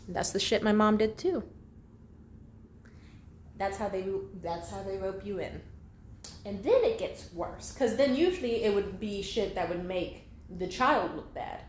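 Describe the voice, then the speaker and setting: In an unhurried, lively-toned monologue, a 22-year-old vlogger vents bluntly and swears freely. She has a medium pitch, and the recording picks up room echo and a faint hum.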